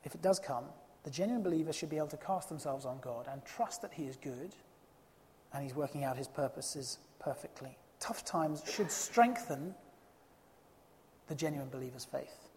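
A preacher giving an emphatic sermon, voice at a middling pitch, ringing out with a long hall reverb. The delivery is expressive and leans on rhetorical questions to drive points home. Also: normal speed, slight background noise.

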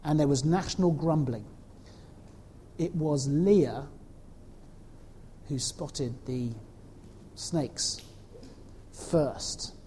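A woman telling a story to children in an animated way, asking them questions as she goes. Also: low-pitched, extremely slow, long pauses, big-room sound, slight background noise. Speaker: children's talk leader.

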